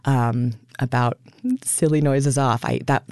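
A woman stage actor talking about her career in a radio interview, lively and laughing, acting out quotes as she goes. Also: a bass voice, slow pace, clear, resonant tone, no echo, studio quality. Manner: animated, laughing, acts out quotes.

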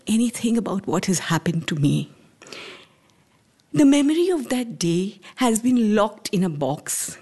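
An Indian woman in her forties tells her own story to listeners, her voice sitting mid-range. She speaks in measured, halting phrases, leaving short pauses between each one. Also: medium pitch, animated, dark tone. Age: 40s. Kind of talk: personal storytelling talk.

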